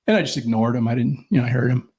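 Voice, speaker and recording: A middle-aged man with a gravelly, husky voice tells long, rambling stories in casual chat. He swears freely and acts out the people he quotes. His pitch sits in an ordinary middle range. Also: lively intonation, very fast, darkish tone. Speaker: podcast co-host.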